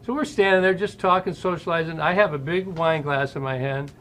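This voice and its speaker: Animated male storyteller, slightly higher voice. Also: brisk. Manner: animated storyteller who acts out quotes. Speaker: former ballplayer hosting the conversation. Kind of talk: storytelling interview chat.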